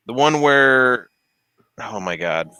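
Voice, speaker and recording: A man's voice: medium pitch, animated, slow, bright, forceful tone, clear, resonant tone, dry recording. A man streaming while he works, chatting casually, rambling, laughing often and trailing off as he searches for words. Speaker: streamer fixing printers. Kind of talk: casual chat. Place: home workshop.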